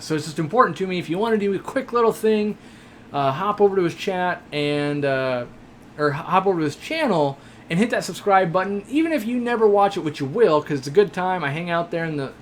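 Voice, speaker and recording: A man's voice: a little high, lively intonation, brisk, slight background noise. A young man hosting a casual live stream, reading viewer questions aloud and answering with jokes and lots of fillers. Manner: chatty, joking, rambling with many fillers. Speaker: host of an aquarium shop live stream.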